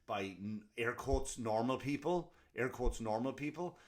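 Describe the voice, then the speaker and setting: A young man hosting a comedy podcast, ranting in a rambling, profane, animated way, full of restarts and put-on quotes. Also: mid-range voice, unhurried.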